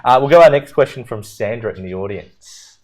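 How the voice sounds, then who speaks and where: Male host of a live Q&A, mid pitch, easygoing banter. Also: lively intonation, a little fast, slight background noise. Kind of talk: casual live Q&A chat.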